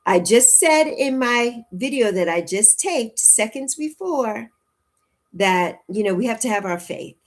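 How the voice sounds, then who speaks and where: A woman in her early sixties hosting a casual livestream, chatting warmly and repeating her phrases as she answers viewers' comments. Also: a little high, expressive, unhurried. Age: 60s. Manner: warm, chatty, repeats phrases, laughs often. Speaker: livestream host.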